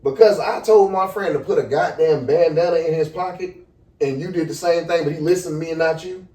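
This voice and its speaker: A young man casually telling a story on a podcast, animated and profane, acting out the people in it. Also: a little high, brisk. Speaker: podcast co-host. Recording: echoey room, far from the mic.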